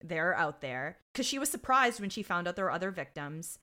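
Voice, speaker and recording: A woman's voice: medium pitch, big pitch swings, quick pace, pushed and bright. Woman podcast co-host, casual and blunt, swears freely, voice swings widely. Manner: blunt and profane, storytelling with acted-out quotes. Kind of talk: casual chat.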